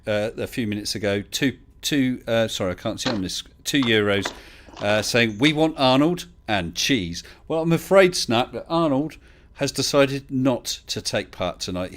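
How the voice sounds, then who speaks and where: A man's voice: mid-range voice, animated, moderate pace, a bit bright, a little hiss or hum. A man from the UK hosting a casual live online chat, chatty and teasing, laughing often. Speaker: livestream host.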